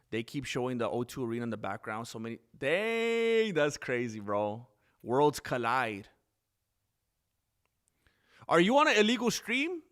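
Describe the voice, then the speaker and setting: A man casually commentating a live fight stream, chatty and rambling, quick to get excited. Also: a little high.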